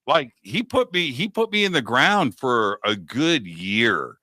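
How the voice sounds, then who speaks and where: A man in his sixties hosting a talk show, telling a story in a lively conversational way and acting out the people he quotes. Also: medium pitch, slow pace, no room sound. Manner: animated, acts out quoted dialogue. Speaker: radio show host.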